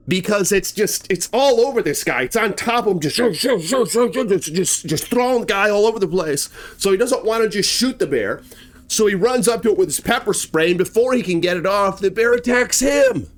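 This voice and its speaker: A male horror-channel host dramatically retells a real bear attack, acting out the action with sound effects and shouts. His voice sits high and is expressive, at a moderate pace.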